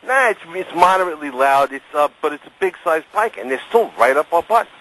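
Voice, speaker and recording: A man's voice: a little high, animated, brisk, a bit bright, husky, poor audio. A man calling into a radio show, earnestly pleading with drivers to be careful. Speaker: caller. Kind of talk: call-in radio conversation.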